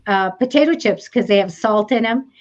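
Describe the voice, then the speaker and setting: A woman's voice: medium pitch, moderate pace, muffled recording. A woman co-hosting a live psychic show, talking in a chatty, rambling way and laughing often. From United States. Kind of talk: casual chat.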